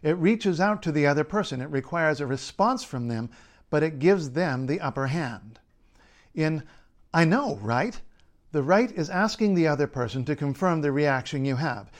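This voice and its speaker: A man, a linguist, reading a scripted explainer in a measured, playful way. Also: a little high, lively intonation. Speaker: linguist and writer.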